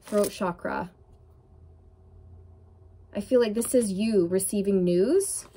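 A woman's voice: mid-range voice, slow pace, mellow, breathy edge. A woman giving an intuitive tarot reading to camera, talking in an earnest, emotional way with many fillers. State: tearful at times. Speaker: tarot reader.

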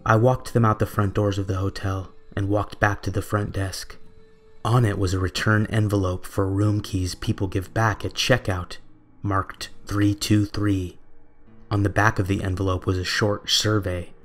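A young adult man reading a scripted horror story in a measured, steady way. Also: lowish voice, faint music behind. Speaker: narrator.

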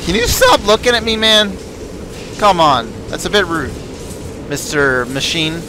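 A man's voice: high-pitched, sing-song, unhurried, music in the background. A man giving let's play commentary, chatting to game characters and yelping when chased. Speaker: gaming video creator.

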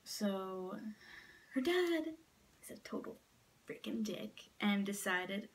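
A woman's voice: mid-range voice, animated, slow, pauses often, distant mic. A woman vlogging to camera at home, upset and close to tears, rambling, swearing and often dropping to a near whisper. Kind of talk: casual vlog talk to camera. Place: at home in front of a mirror.

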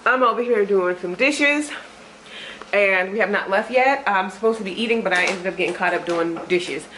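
Chatty young mom. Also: female voice, mid-range voice, normal speed, pushed and bright, a little hiss or hum. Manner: chatty, rambling, uses y'all. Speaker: family vlogger, mother. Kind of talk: casual vlog chat.

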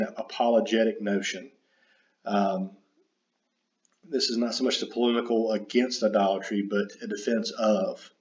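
A man giving an unscripted lecture, halting and full of fillers and self-corrections. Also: fairly low pitch, darkish tone. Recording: dull roomy recording.

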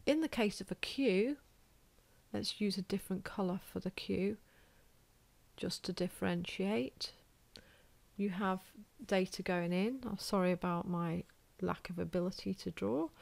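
A woman's voice: mid-range voice, unhurried, creaky, a little mellow, no room sound. A woman with a British accent giving a recorded lecture, informal and self-deprecating, thinking aloud as she draws on a board. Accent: British English. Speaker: college lecturer.

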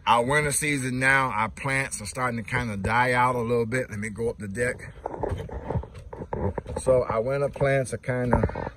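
A man's voice: mid-range voice, fairly even intonation, normal speed, noisy background. A man giving a casual, chatty walking tour of his garden plants outdoors, talking straight to his viewers. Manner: chatty, talks to viewers and scolds his ducks. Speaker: homestead vlogger. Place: outdoors in a yard.

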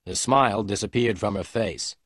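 A man reading a detective story aloud in clear, measured narration for English learners. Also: on the low side, a bit bright, no room sound, clean studio sound. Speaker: audiobook narrator.

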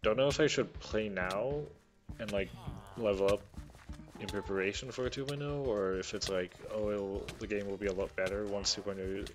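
A man giving casual gameplay commentary, chatty and excitable, swearing casually as he plays. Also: fairly low pitch, normal speed, over music. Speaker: gaming YouTuber.

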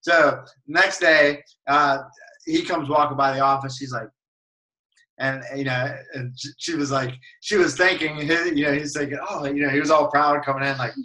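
Casting: man, somewhat high and bright, lively anecdote teller on a call. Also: normal speed, poor audio. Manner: animated, acts out quoted voices, laughs along. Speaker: team member telling a story on a call. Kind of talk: casual storytelling.

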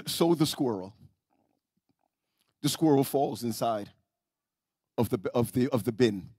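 A man pastor preaching a sermon in a church, telling stories, often repeating and restarting words, and swinging between soft and loud. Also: mid-range voice, no echo, clean studio sound. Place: church sanctuary.

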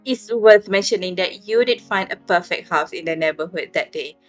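A woman calmly narrating a romance story in second person and reading the heroine's lines in a soft, even voice. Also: fairly low pitch, normal speed, soft background music.

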